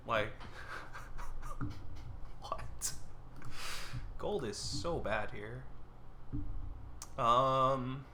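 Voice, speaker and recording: A man's voice: medium pitch, animated, drawn-out words, long pauses, bright, forceful tone, slight background noise. A man giving casual, muttering commentary while he plays a card game online, with sarcastic outbursts at bad draws. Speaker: gameplay streamer.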